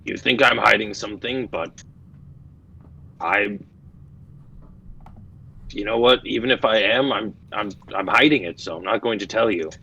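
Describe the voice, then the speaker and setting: Gravelly-voiced man at a tabletop game. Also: on the low side, measured pace, pauses often, pushed and bright, muffled recording. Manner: hesitant, searching for words. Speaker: player. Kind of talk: casual chat at a tabletop game.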